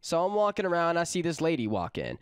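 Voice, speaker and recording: A man's voice: fairly high pitch, huge pitch swings, fast talker, smooth, no room sound, studio quality. A man vlogger telling a casual storytime in a chatty way with lots of fillers. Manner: chatty, many fillers and asides.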